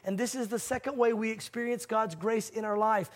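A man preaching a sermon as pastor, animated and acting out the voices of panicked people. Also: very high voice, a little fast, few pauses.

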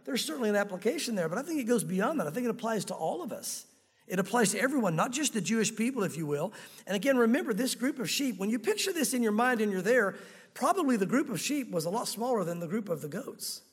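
A man with a strikingly high voice preaches a sermon, earnest and direct, often turning to his listeners with questions. His words trail off into the long reverb of a large hall. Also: slightly rough. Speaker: pastor.

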